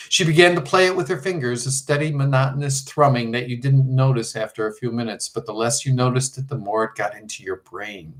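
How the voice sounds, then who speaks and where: Man reading a children's fantasy aloud, mid-pitched, measured. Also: poor audio. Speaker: audiobook reader. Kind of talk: storybook narration.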